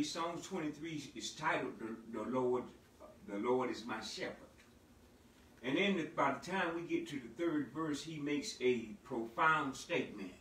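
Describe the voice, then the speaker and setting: A man preaching as pastor of a church, moving from a quiet spoken prayer to loud, shouted sermon passages. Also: mid-range voice, reverberant, far from the mic, slight background noise, poor audio.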